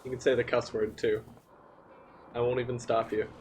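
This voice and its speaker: A man's voice: medium pitch, normal speed, a little hiss or hum. A man hosting a live gameplay stream, chatting casually and laughing often while he plays. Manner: giggly, excitable, talks to chat. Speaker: streamer host.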